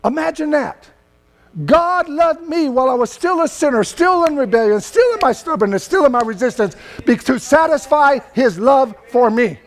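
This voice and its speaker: Older california preacher guy, really high voice, chatty sermon that gets loud and shouty. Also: animated, normal speed. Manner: loose, conversational preaching that swells into emphatic shouting. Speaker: pastor.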